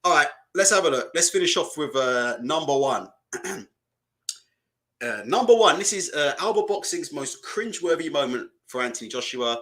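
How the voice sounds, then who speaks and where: A man's voice: fairly high pitch, lively intonation, moderate pace, fairly bright tone. A man doing casual, mocking live-stream reaction commentary, asking rhetorical questions and laughing often.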